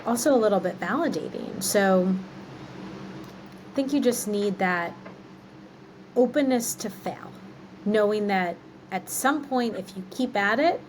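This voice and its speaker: A woman speaks as an interview guest, candid and reflective, her thoughts laced with casual fillers. Her voice sits in an ordinary middle range. A faint steady hum sits under the recording. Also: mid-range voice, a little slow, long pauses, low-quality recording. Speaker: guest, marketing executive.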